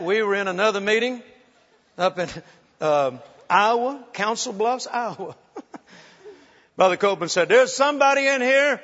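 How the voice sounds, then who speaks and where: A man with a high voice preaches in a large, echoing hall. He tells funny stories with lots of animation, acting out each quote. The recording is dull and faint. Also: slight background noise. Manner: animated, humorous, acts out quotes, laughs often. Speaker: preacher telling ministry stories. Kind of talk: sermon storytelling.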